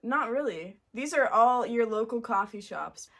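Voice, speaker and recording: A woman's voice: on the high side, lively intonation, a little slow, fairly bright tone. A young woman from Montreal, a guest, chatting casually and easily about her favorite cafes. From Montreal, Canada. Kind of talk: casual interview chat.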